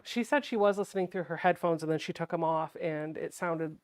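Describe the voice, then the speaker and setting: A woman hosting a sewing livestream, talking softly and chattily as she thinks aloud while she works. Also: sits low, a little fast, dry recording. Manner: soft-spoken, not projecting.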